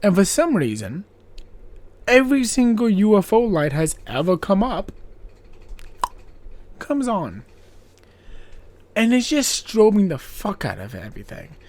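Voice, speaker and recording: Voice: mid-range voice, a little mellow. A podcast host recapping a horror film in a casual, profane, rambling way, with sarcastic asides and laughing at their own jokes.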